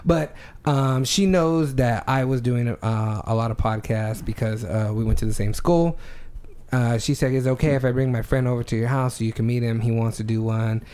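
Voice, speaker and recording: A man's voice: mid-range voice, moderate pace, a little mellow, smooth. A man hosting a podcast in an easygoing way, prompting his guest with questions. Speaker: podcast host. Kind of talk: casual chat.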